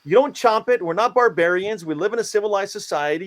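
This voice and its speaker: A man giving playfully absurd, mock-stern interview answers in a deadpan comic style. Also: high-pitched, fast talker. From United States. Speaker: guest, self-declared country founder.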